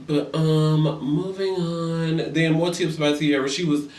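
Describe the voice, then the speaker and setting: A young man runs through a reality TV recap in a sassy, profane rant, slipping into voices for the people he quotes. His voice sits a bit high for a man. He sounds set back from the mic in an echoey room. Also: little pitch movement, moderate pace, a little mellow, distant mic. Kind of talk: casual gossip rant.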